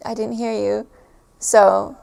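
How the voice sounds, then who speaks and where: Woman, casual chat, giggly, lots of fillers, gravelly fry. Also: mid-range voice, little pitch movement, takes it slowly, a little mellow. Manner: chatty and giggly, many fillers. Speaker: storyteller recalling a stay abroad.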